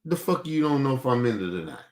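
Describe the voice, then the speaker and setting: Speaking fast in a sing-song, medium-pitched voice, a young streaming host vents about his family to viewers. It's a casual rant, heated and full of profanity, circling back over the same points.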